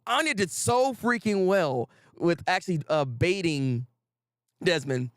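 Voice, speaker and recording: A man hosting a casual anime talk stream, reading out viewer names and repeating himself with animated, slangy energy. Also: sits high, unhurried, dry recording, studio quality. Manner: animated, repetitive, slangy, greets chat viewers. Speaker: host.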